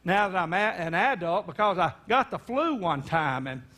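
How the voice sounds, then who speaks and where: A man's voice: high-pitched, lively intonation, normal speed, bright, forceful tone. A man preaching, telling a family story in folksy speech and acting out the voices of the people in it. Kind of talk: sermon storytelling.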